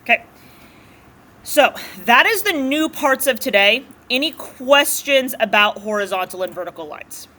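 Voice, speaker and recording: Casting note: woman math teacher, bright, easygoing classroom lecture, faint room hum. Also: a little high, animated, unhurried. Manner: casual, chatty explaining.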